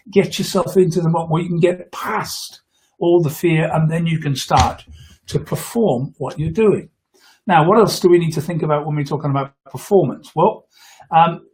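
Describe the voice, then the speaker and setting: A fairly high-voiced man gives public speaking tips in a live online video. He talks earnestly and often restarts or repeats words as he goes. The voice sits close to the mic at his desk. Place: indoors, in front of a camera for a live video. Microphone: close microphone at a computer.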